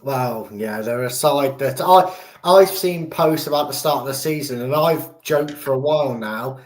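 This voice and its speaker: A man's voice: medium pitch, unhurried. A man with an English accent hosting a fan channel, chatting about football in a jokey, rambling way. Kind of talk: casual football preview chat.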